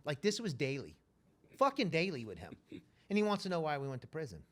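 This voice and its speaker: A man telling a wild story as an interview guest, animated and profane, rambling casually. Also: a little high, a little fast.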